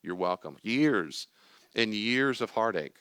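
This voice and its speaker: A man's voice: fairly low pitch, slow pace, smooth, dry recording, clean studio sound. Emphatic older man teaching a group. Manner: emphatic, acts out anxious and calm inner voices. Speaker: teacher leading a class on anxiety. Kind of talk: lively teaching talk to a group.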